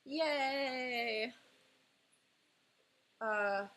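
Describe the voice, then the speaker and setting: Bubbly high-voiced young woman streaming. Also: extremely slow. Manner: excitable, laughing often, self-deprecating groans. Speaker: illustrator streaming live. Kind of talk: casual livestream chat while playing a drawing game.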